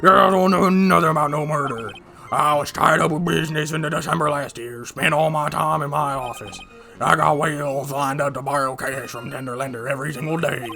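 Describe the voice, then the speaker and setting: A man's voice: a little high, steady tone, normal speed, gravelly, pushed and bright, soft background music, full character voice. A man voicing a hot-tempered male loan shark with a put-on Brooklyn accent, talking in menacing tough-guy slang. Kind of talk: fan voice-over of a game.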